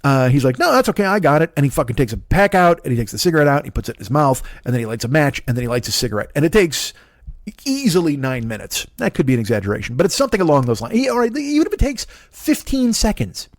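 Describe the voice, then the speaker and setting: A man's voice: medium pitch, sing-song, fast, no room sound, clean studio sound. A man in his forties, a comedian hosting a podcast, delivering a profane, rambling comic monologue with frequent restarts. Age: 40s.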